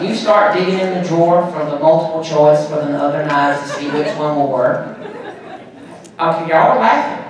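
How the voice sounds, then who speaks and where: A man speaks to a conference crowd in a high, bright register, bantering and joking as he runs through sales tips. He stands well away from the mic. The big hall rings with a heavy echo around him. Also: distant mic. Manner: animated, joking, quick asides and crowd banter. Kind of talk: motivational sales talk to an audience.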